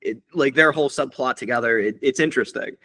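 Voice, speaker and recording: Bright-voiced man hosting an interview. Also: medium pitch, quick pace. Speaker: host. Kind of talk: casual interview questions.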